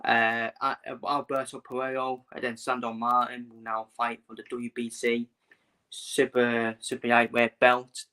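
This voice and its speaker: Guy rambling to his stream viewers, flat-ish bright voice, keeps repeating himself. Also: mid-range voice, measured pace, clean tone. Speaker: boxing vlogger. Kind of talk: casual live-stream commentary.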